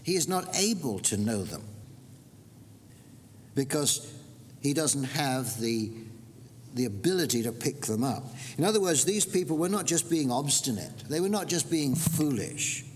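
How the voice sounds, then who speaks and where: A man preaching a measured expository sermon, slowing down to stress key points. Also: mid-range voice, big pitch swings, darkish tone. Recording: long reverb with faint background hiss.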